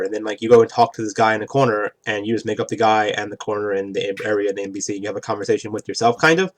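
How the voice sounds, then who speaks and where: A man's voice: lowish voice, fairly even intonation, racing, few pauses. Rambling man explaining game rules. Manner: rambling, keeps asking "right?". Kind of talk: casual explanation at a game table.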